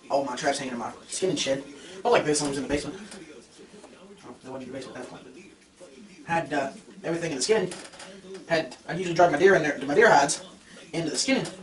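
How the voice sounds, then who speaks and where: A man's voice: a little high, fairly bright tone. A young man, a trapper, casually telling a story to his viewers, rambling and correcting himself as he goes. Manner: rambling, self-correcting, addresses viewers directly. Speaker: trapper vlogger. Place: fur shed. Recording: echoey shed, voice from far off.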